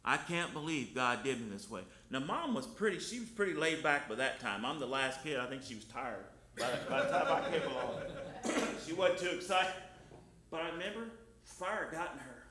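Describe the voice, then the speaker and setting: A man's voice: a little high, expressive, moderate pace, noisy background. A man preaching a sermon, telling folksy personal stories in plain, colloquial speech. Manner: folksy storytelling, colloquial grammar. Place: church sanctuary. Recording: echoey church room.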